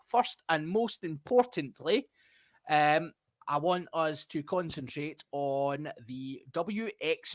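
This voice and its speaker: A man's voice: fairly high pitch, dry recording. A middle-aged Scottish man hosting a rugby podcast over a video call, chatty and joking with frequent laughs and fillers. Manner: jokey, laughs often, many fillers. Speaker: podcast host. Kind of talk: casual chat.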